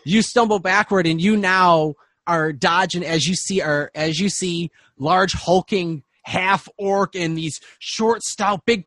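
A man narrating as game master in a tabletop game, with casual, halting narration. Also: high voice, bright, forceful tone, dry recording, studio quality.

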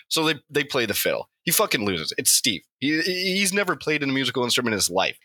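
A man's voice: mid-range voice, big pitch swings, fast talker, hardly any pauses, sharp tone, no echo. A man telling a rambling, crude comic story off the cuff, swearing often and playing the characters himself.

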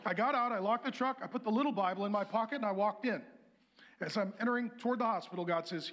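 A middle-aged man, a pastor, telling a humorous testimony in an animated, self-mocking way. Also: high voice, fast, slight background noise.

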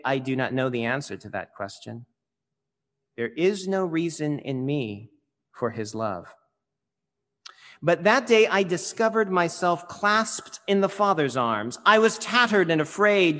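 With a high, slightly bright voice, a man preaches as pastor, earnest and pressing hard on key phrases as he builds to emphatic peaks. A large hall gives the recording long reverb.

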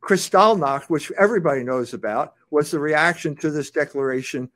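A man's voice: fairly high pitch, moderate pace, background noise. A man commenting on a clip in a mocking manner, laughing and repeating his words.

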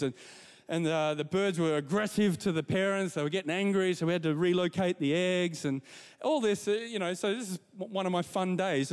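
A man's voice: sits high, smooth, long reverb tail. A man preaching a sermon, telling personal stories with asides to the congregation. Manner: warm storytelling with repetitions and asides to the congregation. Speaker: pastor.

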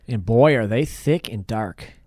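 Um homem num papo casual sobre um filme, fazendo piadas e comentários rápidos. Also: male voice, fairly low pitch, lively intonation, darkish tone, dry recording, studio quality. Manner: joking, quick interjections, laughs along. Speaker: podcast co-host. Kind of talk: casual movie recap chat.

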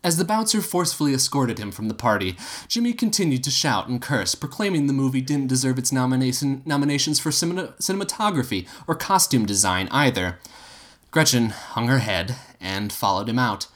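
Man reading a story with lively pitch. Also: a little fast. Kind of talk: reading his own fiction aloud.

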